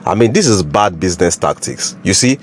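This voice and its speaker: A man with a low voice comments calmly and with disapproval. His words sit over a faint hiss. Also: a little fast.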